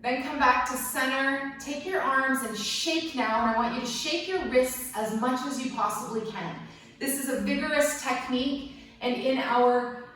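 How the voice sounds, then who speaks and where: A woman leads a yoga class with a bright, slightly high voice, gentle and playful, dropping light jokes between cues. She is heard from a little way off the mic, in a strongly echoing room. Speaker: yoga instructor. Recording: very echoey room, mic at a distance.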